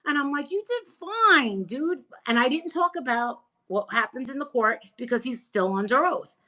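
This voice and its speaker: A woman guest in a casual chat, talking in an animated, emphatic, gossipy way. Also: on the high side, fairly quick, low-quality recording. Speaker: interview guest.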